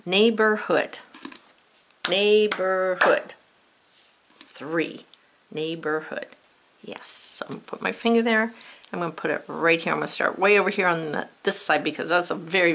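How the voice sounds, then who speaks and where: A woman's voice: on the low side, vocal fry, fairly bright tone. A middle-aged woman teaching a children's spelling lesson, patient and step by step, sounding out words letter by letter.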